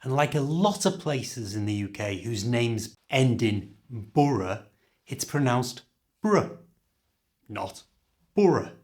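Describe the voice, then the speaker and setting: A man leads a pronunciation lesson. He speaks slowly and deliberately, with a lively, rising and falling pitch. He demonstrates each sound with care. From Liverpool, England. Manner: slow, careful, demonstrative. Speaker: English pronunciation teacher.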